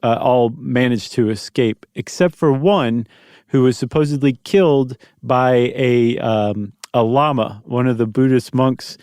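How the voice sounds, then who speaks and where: A man's voice: mid-range voice, measured pace, a little mellow, clean tone, no echo. A man co-hosting a podcast in casual chat, telling stories with wry, dry humor. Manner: wry, dry humor, explains things in a storytelling way. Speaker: podcast co-host.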